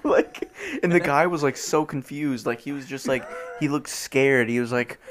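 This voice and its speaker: A man's voice: mid-range voice, lively intonation, moderate pace, few pauses. A young man co-hosting a podcast, telling funny stories in casual chat and laughing often. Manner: laughing storyteller, says dude a lot. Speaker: podcast co-host.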